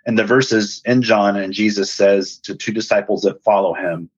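Brief: lowish, husky male host, earnest storyteller, dull dry recording. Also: moderate pace, few pauses, no echo. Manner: earnest, animated retelling with quoted dialogue. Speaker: podcast host and speaker. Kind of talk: personal storytelling.

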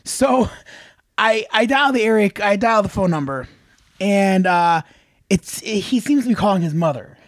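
A man's voice: sits high, expressive, unhurried, no echo, studio quality. A man co-hosting a podcast, telling a story in casual chat, acting out the people he quotes and often laughing. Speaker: podcast co-host.

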